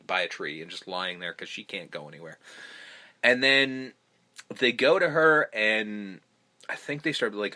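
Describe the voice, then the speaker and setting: A man's voice: on the low side, sharp tone. A man hosting a podcast, recapping a film in casual, rambling chat full of ums, restarts and swearing. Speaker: podcast host.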